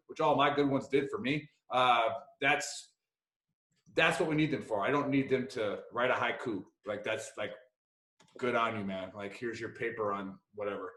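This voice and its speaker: A man's voice: medium pitch, a bit bright. A man hosting a casual podcast, rambling and joking with frequent swearing. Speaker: podcast host. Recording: echoey room.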